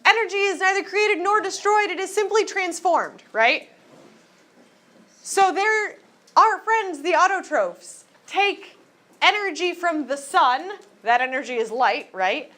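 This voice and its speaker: A woman teaching a high school class in a classroom, lecturing in a joking, teasing way and throwing questions at the students. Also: lively intonation, a little slow, bright, forceful tone.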